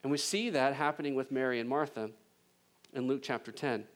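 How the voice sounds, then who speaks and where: A man preaching a sermon as pastor, conversational and joking, with emphatic swings between loud intensity and a hushed delivery. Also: mid-range voice, fairly even intonation, brisk. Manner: conversational with jokes and laughter.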